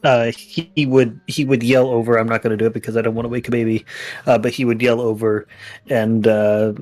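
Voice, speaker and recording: A man's voice: mid-range voice, little pitch movement, brisk, a little mellow, soft background music. Casual male tabletop player. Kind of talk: casual game chat.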